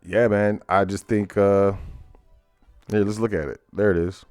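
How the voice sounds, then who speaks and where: A man's voice: on the low side, steady tone, measured pace, a little mellow, clear, resonant tone, no room sound, faint music behind. A man hosting a casual current-events talk show, reading headlines aloud and breaking into laughter with loose asides. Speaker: host.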